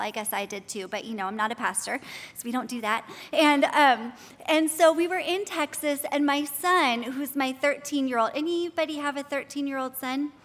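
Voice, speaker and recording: A woman's voice: sits high, a bit bright. A woman in her thirties giving a chatty sermon to a live audience in a church hall, asking questions and reading scripture. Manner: chatty, asks the audience questions, then prays and reads scripture. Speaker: women's ministry speaker.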